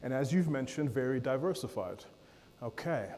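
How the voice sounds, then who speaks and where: A man giving a lively keynote at a conference, joking with and calling on the audience in a large hall. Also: medium pitch, normal speed, background noise. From Africa. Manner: energetic, playful, calls on the audience and jokes. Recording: long hall reverb.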